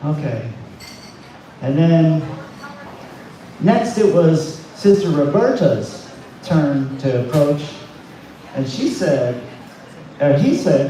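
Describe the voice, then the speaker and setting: A man's voice: fairly high pitch, animated, takes it slowly, long pauses, dark tone. A man doing stand-up at an open mic, telling a long joke and losing track of it as he goes. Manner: rambling, loses track of his own joke. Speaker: stand-up comic. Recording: echoey room, far from the mic, faint room noise.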